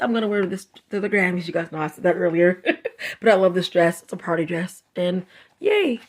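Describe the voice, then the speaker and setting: A woman's voice: medium pitch, animated, normal speed. Chatty sassy woman craft vlogger. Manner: chatty, effusive, sassy, laughs often. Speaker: craft channel host. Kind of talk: casual coloring book review vlog.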